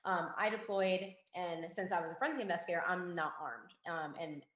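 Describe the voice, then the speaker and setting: A young woman, a forensic investigator, telling a story in a casual interview and acting out the quoted dialogue in a lively way. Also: on the low side, brisk. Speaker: guest, forensic investigator and K9 handler. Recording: roomy echo.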